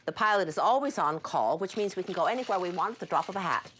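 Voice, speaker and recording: A woman's voice: fairly low pitch, lively intonation, quick pace, a bit bright, a little hiss or hum. An actress playing a haughty, formal older mother who speaks in a clipped, imperious way in a TV comedy-drama. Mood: breezy.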